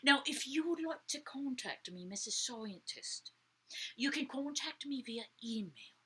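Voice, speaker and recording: A woman reading a story aloud to children, animated, often dropping to a whisper to ask the listener questions. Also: high-pitched, a little slow, husky, low-quality recording.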